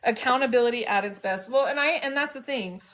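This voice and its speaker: A woman's voice: a little high, fairly quick, a bit bright, a little hiss or hum. A woman in her thirties tells her own story on a live stream, frank and heartfelt. Her voice sounds a little stuffy from allergies, and she speaks plainly and directly, with no sugarcoating. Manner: open and emotional, speaks bluntly. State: congested from allergies. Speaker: livestream host. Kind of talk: candid personal storytelling.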